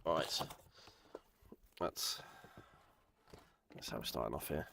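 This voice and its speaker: A man with a cold, talking in a croaky, gravelly voice as he chats casually and rambles through a live stream. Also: extremely low pitch, takes it slowly, long pauses, pushed and bright. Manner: rambling, self-deprecating. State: hoarse from a chest infection. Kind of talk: casual live-stream chat while building.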